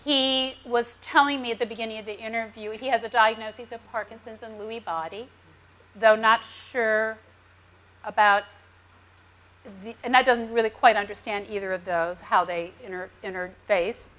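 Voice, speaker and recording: A woman's voice: fairly high pitch, fairly even intonation, normal speed, a bit bright. A woman speech-language pathologist giving a community education talk, coaching her audience through voice exercises. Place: lecture room with a live audience.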